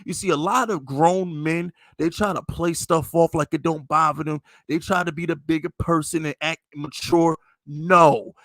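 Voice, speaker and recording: A man's voice: fairly high pitch, steady tone, moderate pace, hardly any pauses, fairly bright tone, no echo, studio quality. A man with a New York accent, hosting a casual sports podcast and venting in a heated, profane, emphatic way. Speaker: podcast host.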